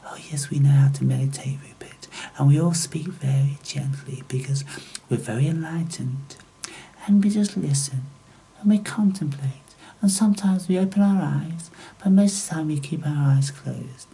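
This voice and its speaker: A man's voice: fairly high pitch, normal speed, dark tone, a little hiss or hum, poor audio. Man whispering as smug meditators in a whispered role-play. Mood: mocking. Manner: mocking, breathy whisper. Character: mocked smug meditators, soft and airy.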